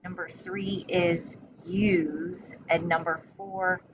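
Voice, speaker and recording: A young adult woman teacher dictating a spelling test to children, slowly and carefully, with long pauses between words. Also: fairly low pitch, little pitch movement. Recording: slightly dull recording with faint room noise.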